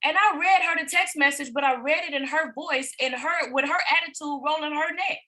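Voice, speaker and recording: A high-pitched, bright-toned middle-aged woman delivers a motivational training talk to her team. She talks emphatically, repeating her points and tossing out rhetorical questions. Her bright voice carries a forceful, pushing edge. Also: a little fast, low-quality recording. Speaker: business coach presenting to a team.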